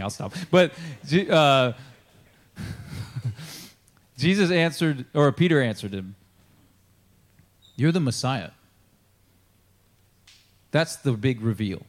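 A man's voice: medium pitch, expressive, takes it slowly, pauses often. An American man preaching a sermon as a pastor, in a casual, conversational style full of fillers, often acting out the dialogue of Bible figures.

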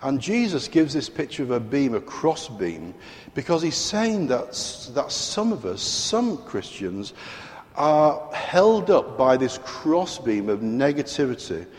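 Man, British accent, preacher, sermon, emphatic, rhetorical questions, middle pitch, long hall reverb. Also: very animated, unhurried. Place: large church hall.

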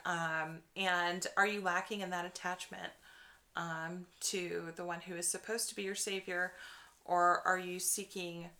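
A woman with a bright, clear voice adds her reflections as a podcast co-host. She speaks in a considered, encouraging manner, sprinkling in small fillers as she builds her point. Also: fairly low pitch, little pitch movement, a little slow. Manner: reflective, encouraging, frequent affirming murmurs. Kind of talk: casual conversational podcast.

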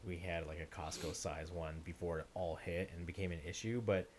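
A man in a casual chat with friends, telling an animated story with swearing and laughs. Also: low-pitched, a little fast.

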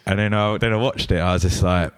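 A man's voice: deep voice, steady tone, quick pace, clear, resonant tone, dry recording. A young man telling a story in casual chat, laid-back, swearing freely and saying "like" a lot.

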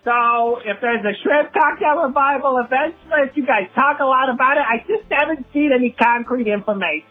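A squeaky, overexcited caller who walks a pet pig, put on by a man. The voice sits very high and gushes with exclamations. It comes through as a thin, tinny phone voicemail. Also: moderate pace, hardly any pauses, soft background music. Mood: excited. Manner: shrill, excitable, exclaiming.

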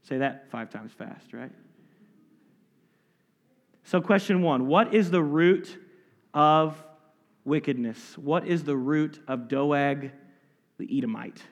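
A man with a high voice preaches an expository sermon from the pulpit. He reads scripture, then drives each point home with emphatic asides and sudden drops to near quiet. His voice rings with the long echo of a large hall. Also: takes it slowly, long pauses. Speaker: pastor.

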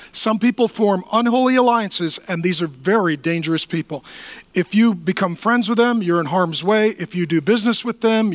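Brief: man, pastor mid-sermon, quips and voices bits of dialogue; high-pitched, dry close sound. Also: a bit bright, dry recording. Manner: conversational, jokey preaching with acted-out quotes.

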